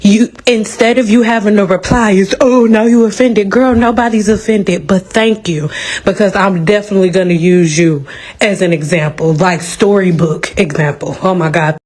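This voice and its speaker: A woman's voice: medium pitch, steady tone, normal speed, a little mellow. A young woman hair stylist talking straight to camera in a blunt, confrontational, sassy way. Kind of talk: casual direct-to-camera rant.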